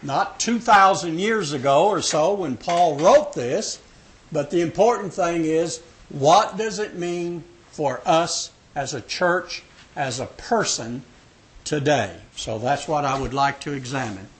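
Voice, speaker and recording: A man in his sixties teaches a Sabbath school Bible study class, asking questions with jokes and emphasis. He speaks slowly and expressively at a fairly high pitch.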